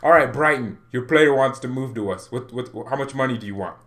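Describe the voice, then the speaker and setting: A man's voice: medium pitch, a little fast, a bit bright. A young man hosting a fan channel, giving casual, jokey football commentary and acting out mock phone calls.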